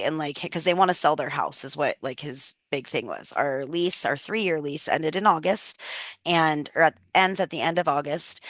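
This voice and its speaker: A woman's voice: low voice, fairly bright tone, dry recording. Candid, chatty woman leading a workshop. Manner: chatty, candid, swears freely, many likes and rights. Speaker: wellness workshop leader. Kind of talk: casual workshop talk with personal stories.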